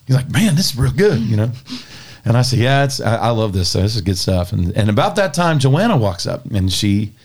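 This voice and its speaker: A man's voice: on the low side, normal speed. A man, a pastor telling a story in casual chat and acting out each person's lines. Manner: animated storyteller acting out dialogue.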